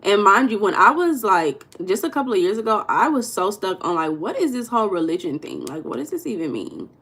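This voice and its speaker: Woman chatting on a livestream, calls out chat names, mid pitch, easygoing. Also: sing-song, fairly quick, fairly bright tone, breathy edge. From United States. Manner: chatty, greets chat viewers by name. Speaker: livestream host.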